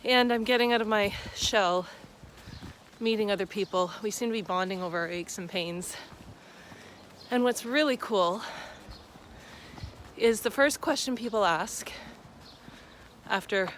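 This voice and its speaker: For her casual travel vlog, a woman on a long-distance walk speaks at medium pitch, a little slowly, pausing often, in a fairly bright tone. She chats upbeat and easily into a handheld phone outdoors on a rural trail, laughing easily, with slight background noise.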